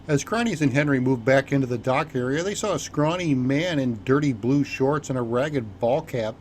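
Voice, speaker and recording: A man narrating an audiobook in an even, measured reading style. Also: mid-range voice, slight background noise. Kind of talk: scripted narration.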